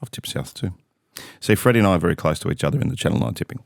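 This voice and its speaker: A middle-aged man with an Australian accent and a lowish voice, briskly rattling off team lists and betting odds. The sound is close and dry, with no room around it. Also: animated, creaky, no room sound. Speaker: sports podcast host. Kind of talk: casual sports preview chat.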